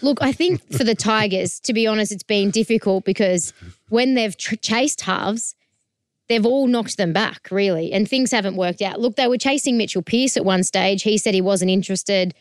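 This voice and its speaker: A woman's voice: medium pitch, normal speed, no echo, studio quality. A woman hosting a casual sports chat, upbeat and steering the talk with questions. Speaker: show host.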